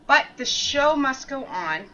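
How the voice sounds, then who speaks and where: A woman's voice: high voice, animated, slow pace, bright, forceful tone. A woman guest-hosting a podcast, chatting in an upbeat way. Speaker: podcast guest host, network co-owner. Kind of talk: casual podcast chat. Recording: dull lo-fi remote audio.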